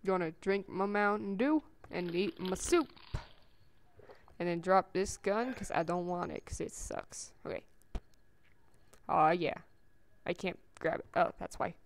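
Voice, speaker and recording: A woman giving chatty let's-play commentary on a survival game, gasping at finds and breaking into squeaky sing-song calls. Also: a little slow, long pauses, a little hiss or hum. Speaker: gameplay commentator.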